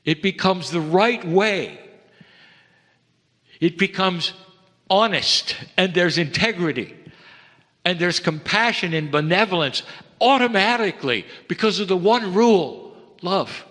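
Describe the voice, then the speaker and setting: A man's voice: high-pitched, lively intonation, fairly bright tone. Earnest man channeling in a reverberant hall. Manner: slow, earnest, pausing between phrases. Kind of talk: channeled spiritual talk.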